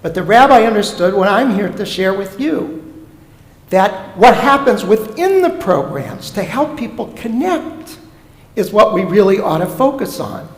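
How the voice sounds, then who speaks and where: A man's voice: sits high, unhurried. A man from Omaha speaking as a guest speaker in a synagogue, telling comic stories with punchlines in a sermon-style talk. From Omaha, United States. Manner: animated, comic storytelling with punchlines. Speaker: guest speaker, professor of Jewish education. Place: synagogue sanctuary. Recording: echoey hall with long reverb.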